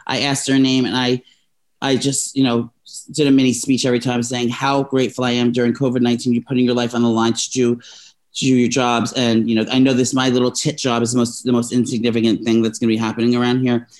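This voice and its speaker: A young man co-hosting a casual talk show, telling a personal story at length. He rambles and restarts often, and he sounds openly emotional. His voice sits at an ordinary middle pitch. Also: little pitch movement, fast talker, darkish tone. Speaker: podcast co-host telling a story. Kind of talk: casual chat.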